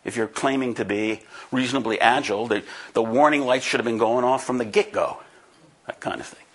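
Husky older guy in his sixties, folksy and emphatic, giving a talk to an audience. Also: medium pitch, fairly even intonation, fairly quick. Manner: emphatic and folksy, with frequent "right?" asides. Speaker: conference speaker and book co-author. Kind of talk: lively presentation to an audience. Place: talk before a live audience.

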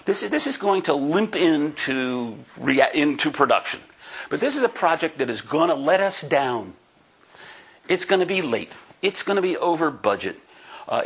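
A man's voice: fairly high pitch, animated, normal speed, a bit bright, slightly rough. A man in his sixties giving a presentation to a live audience, talking in an emphatic, folksy way and often checking in with "right?". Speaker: conference speaker and book co-author. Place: talk before a live audience.

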